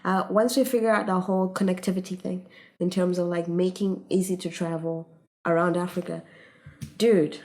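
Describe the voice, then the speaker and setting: A woman's voice: on the low side, flat delivery, moderate pace, a little mellow. A woman in her late twenties, a podcast guest chatting casually and animatedly, laughing often and using many fillers. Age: late 20s. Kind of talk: casual interview chat.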